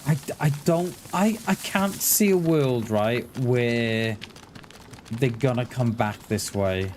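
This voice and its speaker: Slow, easygoing male game streamer. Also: medium pitch, a little hiss or hum. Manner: relaxed, joking banter with a teammate. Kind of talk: casual gameplay chat.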